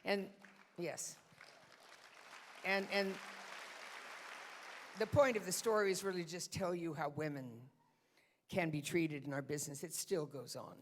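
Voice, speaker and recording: A woman's voice: fairly low pitch, fairly even intonation, a little slow, pauses often, a faint crowd, a little hiss or hum. A woman telling a chatty, self-mocking anecdote live on a theater stage, with hesitant restarts. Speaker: guest storyteller at a benefit concert. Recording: long reverb of a concert hall.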